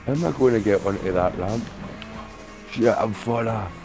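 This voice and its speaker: A man's voice: fairly low pitch, normal speed, over music. A Scottish man gaming with a friend, talking in laid-back, easygoing banter. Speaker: gamer streaming with a friend.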